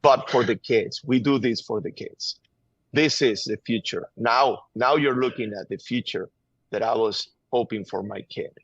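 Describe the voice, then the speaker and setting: A man's voice: medium pitch, normal speed, husky, no echo, dull audio. A man with a Venezuelan Spanish accent, a guest giving impassioned interview answers in an emphatic, urgent way, often repeating words as he presses his point. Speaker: guest, gun-violence activist.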